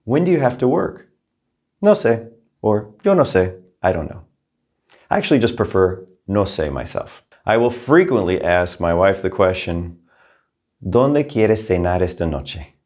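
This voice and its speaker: A man teaching a recorded Spanish lesson, upbeat and encouraging, speaking his Spanish examples slowly and carefully. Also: fairly low pitch, lively intonation, darkish tone.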